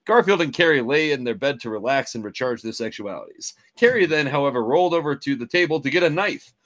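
A man reading a silly novel aloud, narrating in a mock-dramatic, deadpan way. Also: mid-range voice, fast talker.

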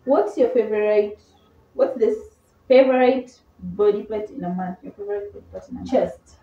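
A woman's voice: mid-range voice, normal speed, muffled recording. A young woman from Kenya hosting a casual, playful question-and-answer chat with a friend. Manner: giggly, playful, teasing. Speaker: host. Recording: echoey room, distant mic, faint hiss.

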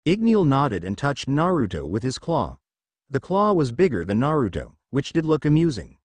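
A man narrating a fan fiction story in an animated reading voice. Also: medium pitch, normal speed, husky, dry recording. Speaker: fanfiction reader.

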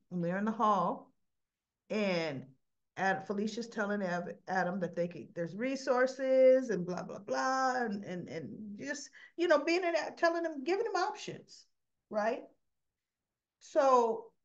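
A woman's voice: medium pitch, lively intonation, a little slow, lo-fi sound. A woman casually recapping soap opera scenes for her vlog, chatty, acting out the dialogue. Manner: chatty retelling with quoted dialogue.

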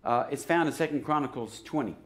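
A pastor preaching a sermon in a church, chatty and joking at times, then rising to loud, fervent exhortation. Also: male voice, mid-range voice, brisk. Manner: conversational preaching that swells to loud, shouted exhortation; joking asides and frequent restarts. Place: church sanctuary.

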